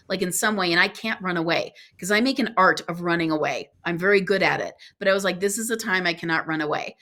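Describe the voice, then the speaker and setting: A woman with a slightly low voice tells a long personal story as a podcast guest. She talks earnestly and with animation, acting out the lines of the people in her story. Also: sharp tone.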